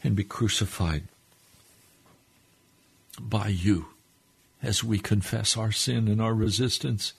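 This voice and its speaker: Radio preacher, male, husky and gravelly, fervent pleading prayer delivery. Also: fairly low pitch, slow, long pauses. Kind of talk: sermon prayer.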